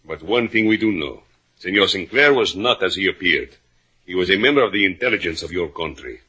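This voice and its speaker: A dry, husky cop, deep voice with lots of swing. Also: male voice, animated, fairly quick, sharp tone, lo-fi sound, full character voice. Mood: grave. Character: shrewd, dry male police officer. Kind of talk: 1940s radio acting.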